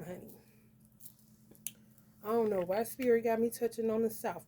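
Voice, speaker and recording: This astrology vlogger, from the northern U.S., pitches her voice fairly high and keeps a moderate pace broken by long pauses, her tone dark. Her reading is a casual rant, blunt and profane, sprinkled with "honey."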